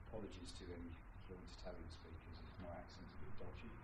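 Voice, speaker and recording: A man's voice: low-pitched, little pitch movement, fast, recorded from a distance, background noise. Male folk singer from Britain, loose self-deprecating stage patter, off-mic in a roomy space, guitar underneath. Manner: rambling, self-deprecating, with many ums. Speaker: folk singer performing live. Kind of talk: chatty stage banter between songs. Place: folk club gig with audience. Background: acoustic guitar.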